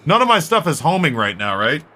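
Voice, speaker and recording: A man giving wry, profane running commentary while playing a video game, with sudden high yelps. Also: sing-song, brisk, heavy background noise. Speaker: game streamer. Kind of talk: casual gameplay commentary. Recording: game music loud behind voice.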